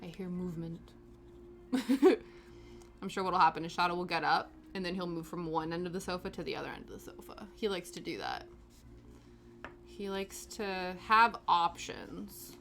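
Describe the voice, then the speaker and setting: A woman's voice: fairly low pitch, animated, unhurried, gravelly, long pauses, a bit bright. Woman, casual knitting stream chat, rambling, laughs a lot, faint music behind. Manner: chatty, rambling, laughs often. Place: home, on a sofa. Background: faint background music.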